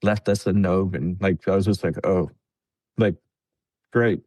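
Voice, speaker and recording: This low-voiced man, recorded dry with no room sound, speaks at a measured pace as a veteran guest on a podcast. Telling a war story casually, he voices others' words in a higher pitch and fills his telling with laughs and filler words.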